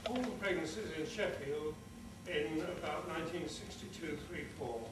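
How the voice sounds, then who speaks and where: A man's voice: fairly high pitch, normal speed. An older man accepting an award and speaking earnestly from a stage, ending with an emphatic warning. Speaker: award recipient. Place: large conference hall. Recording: echoey hall from far off, noisy.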